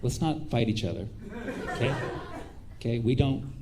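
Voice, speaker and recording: Sarcastic comic, lively voice. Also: male voice, mid-range voice, moderate pace, crowd noise. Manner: sarcastic, mock-defensive, bursts into shouting. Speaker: stand-up comedian. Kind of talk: stand-up crowd work. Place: comedy club stage. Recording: comedy club with audience laughter and noise.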